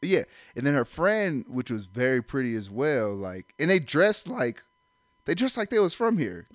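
A man's voice: mid-range voice, very animated, moderate pace, dry recording, clean studio sound. A young man in casual chat, telling a loose, slangy story with plenty of profanity. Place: indoor room.

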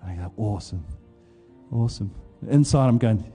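A man's voice: medium pitch, expressive, moderate pace, warm tone, husky, in a large hall, faint music behind. A man preaching a sermon, telling a personal story in a loose, conversational way with plenty of fillers.

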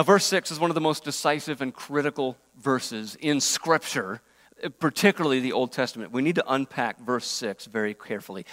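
Earnest preacher man in a reverberant hall. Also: mid-range voice. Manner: earnest, varies loudness, drops to near-whispers on prayers. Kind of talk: sermon.

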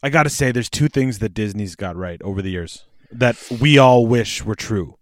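A man's voice: fairly low pitch, animated, moderate pace, no echo, studio quality. A man in his thirties with a Canadian accent, hosting a casual podcast chat, chatty and profane. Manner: chatty, profane, prone to laughing. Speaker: podcast host.

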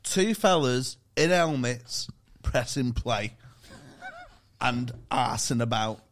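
A man co-hosting a comedy podcast chats loosely, laughing often and swearing freely. His voice swings widely up and down in pitch. His pitch sits in the ordinary middle for a man. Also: expressive, slow. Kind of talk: casual chat.

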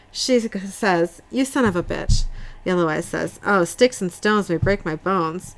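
A woman's voice: lowish voice, unhurried. Woman casually recapping TV scenes. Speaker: podcast host recapping an episode. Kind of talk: casual recap reading dialogue from notes.

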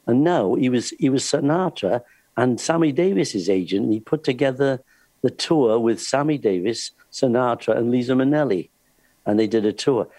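A man's voice: medium pitch, moderate pace, dry recording. Chatty man telling stories. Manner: lively storyteller, laughs often, acts out voices in his stories. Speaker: cruise ship singer and entertainer. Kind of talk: casual anecdote-telling.

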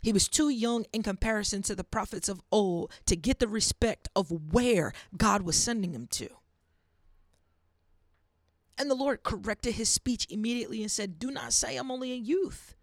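A woman hosting a faith podcast, preaching earnestly and dropping to a hush for emphasis. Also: mid-range voice, moderate pace, few pauses, no room sound, clean studio sound. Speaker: podcast host. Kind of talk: faith-based podcast monologue.

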